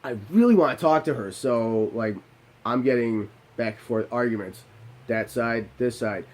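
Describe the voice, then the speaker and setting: A man's voice: medium pitch, a little slow. A young man telling a personal story casually, with blunt swearing and self-mocking asides. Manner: profane, self-deprecating, animated asides.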